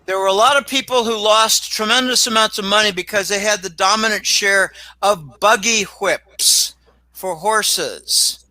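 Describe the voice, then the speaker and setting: A man talking as a guest in a casual interview, rambling and animated, with sudden exclamations. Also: high voice, a little slow, dry recording, poor audio. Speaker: guest commentator.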